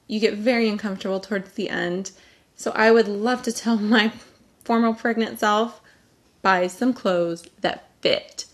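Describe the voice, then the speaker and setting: A young woman from California talking casually to camera, giving candid, chatty advice with lively emphasis. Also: a little high. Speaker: vlogger.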